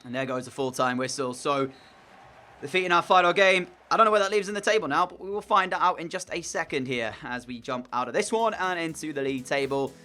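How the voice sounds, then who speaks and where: A man's voice: on the high side, a little fast, bright, forceful tone. A young man commentating on his own video game match in an exasperated, sarcastic way. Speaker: gaming commentator.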